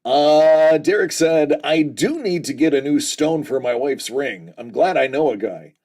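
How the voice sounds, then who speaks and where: A man in his forties hosts a relaxed livestream, reading out chat comments and riffing on them with dry jokes. His voice sits a little on the high side. He talks at a slow, easygoing pace. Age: 40s. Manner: joking, reads chat comments aloud and riffs on them.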